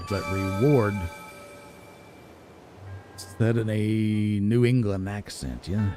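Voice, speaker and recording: A man giving relaxed, musing commentary as he plays a video game, chuckling at himself now and then. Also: fairly low pitch, slow, pauses often, music in the background. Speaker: let's play gamer. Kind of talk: casual gameplay commentary.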